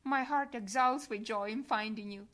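A woman reading a devotional meditation aloud in a soft, prayerful manner that sometimes drops to a whisper. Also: fairly high pitch, normal speed.

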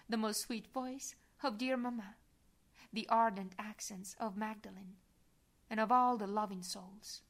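Soft reverent woman reading a prayer. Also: on the high side. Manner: soft, reverent, prayerful, sometimes dropping to a breathy whisper. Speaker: devotional reader. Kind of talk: reading a devotional prayer aloud.

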